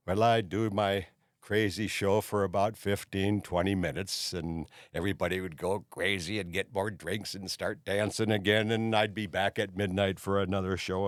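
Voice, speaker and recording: A man's voice: mid-range voice, fairly bright tone, dry recording, clean studio sound. An older man hosting his own show, telling a long rambling anecdote in casual chat, dropping "you see" again and again. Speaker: host. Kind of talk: casual storytelling monologue.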